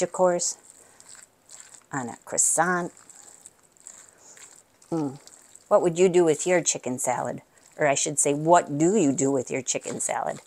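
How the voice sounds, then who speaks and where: Woman cooking-channel host, slightly low voice, casual kitchen demo, friendly, talks to camera, murmurs "mm" while tasting. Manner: chatty, talks straight to viewers; savoring, with appreciative murmurs.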